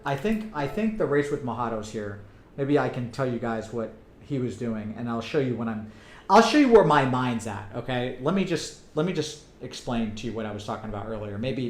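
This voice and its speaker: A man streaming a racing game, chatting casually to viewers and leaning hard on likes and you-knows. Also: medium pitch. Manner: chatty, talks straight to chat, many likes and you-knows. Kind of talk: casual live-stream commentary. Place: home room with racing rig. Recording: roomy sound over game music and engine noise.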